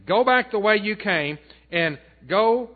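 A man's voice: high voice, lively intonation, slow pace, faint music behind, voice pushed up, full character voice. A man preaching, voicing God as a firm, commanding male voice with raised, emphatic words, on a tinny line. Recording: tinny phone-like band.

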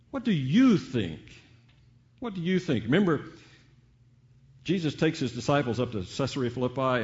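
An older man preaching a sermon with dramatic swings between booming peaks and hushed asides, full of rhetorical questions. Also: dull audio.

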